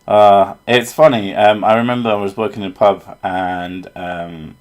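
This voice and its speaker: A man's voice: lowish voice, level tone, normal speed. A man from England, joking and swearing in a casual chat as a streamer. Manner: joking, swears freely, slips into silly voices.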